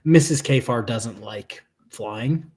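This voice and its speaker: A man's voice: mid-range voice, slow, darkish tone. A man from Michigan whose accent slips toward Southern, chatting casually on a live stream after a few drinks and often trailing off. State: has been drinking. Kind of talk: casual chat.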